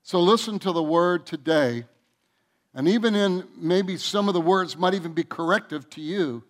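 A man preaching a sermon to his church as its pastor, earnest, with restarts and soft, quiet endings to his phrases. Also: high voice, moderate pace. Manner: earnest, with repeated restarts and soft drops in volume. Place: church sanctuary.

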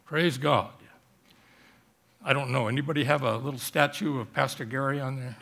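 A male pastor preaching a sermon in church, telling stories and jokes and slowing down on emphatic phrases. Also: medium pitch, fairly even intonation, creaky, sharp tone. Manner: joking, storytelling preacher with emphatic slowed phrases. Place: church service.

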